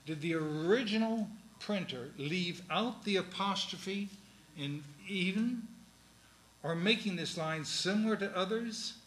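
A man lectures slowly and haltingly, stopping often to restart his sentences. His voice is slightly high and bright. The room around him is echoey, with a faint hum of ambience. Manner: halting, deliberate, many ums and restarts. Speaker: lecturer on Shakespeare's verse. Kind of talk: classroom lecture.

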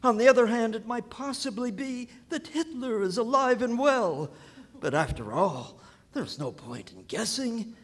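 An actor playing a flustered, fussy official of the cosmos in a rhymed radio play, fretting theatrically in verse. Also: male voice, extremely high pitch, very animated, measured pace, fairly bright tone, exaggerated voice. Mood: fretful. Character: flustered cosmic official, fussy middle-aged man. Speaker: vice president in charge of physiochemistry.

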